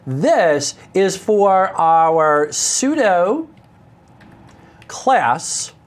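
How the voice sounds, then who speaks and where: A man's voice: high-pitched, big pitch swings, drawn-out words. An American man teaching a live coding lesson, candid and self-deprecating, with joking asides. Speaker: instructor.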